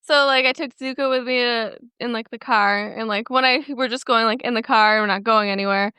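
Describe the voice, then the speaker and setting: A woman co-hosts a casual podcast, rambling easily through anecdotes with plenty of fillers. Her voice is bright, smooth and a touch high. The recording is close and dry. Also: fairly even intonation, brisk, no echo. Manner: easygoing, rambling with many fillers. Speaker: podcast co-host. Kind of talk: casual chat.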